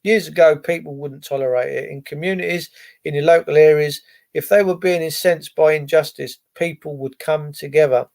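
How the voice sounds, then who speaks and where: A man's voice: fairly high pitch, steady tone, moderate pace, creaky, a little mellow. A man hosting a live stream, ranting casually with heavy swearing and sarcasm, rambling between topics. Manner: profane, sarcastic, wandering. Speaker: live-stream host reading chat.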